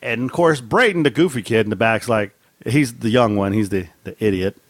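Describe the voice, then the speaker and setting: A man's voice: fairly quick, no room sound. A middle-aged man co-hosting a podcast, telling rambling, profane stories with lots of laughter. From Mexican heritage. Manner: profane, laughing storyteller with big pitch swings. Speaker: podcast co-host. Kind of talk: casual chat, storytelling.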